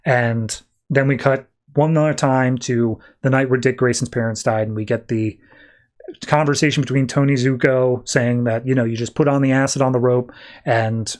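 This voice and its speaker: A man's voice: mid-range voice, fairly even intonation, moderate pace, darkish tone. A man with a mid-range voice talks through a comic storyline on a podcast. His retelling is loose and chatty, full of "uh" and "he's like.". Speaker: podcast host. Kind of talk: casual comic book recap.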